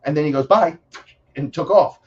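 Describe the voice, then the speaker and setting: A man telling stories in a casual interview, animated and profane, acting out other voices as he talks. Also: mid-range voice, normal speed, lo-fi sound, a little hiss or hum. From New York City. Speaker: podcast guest.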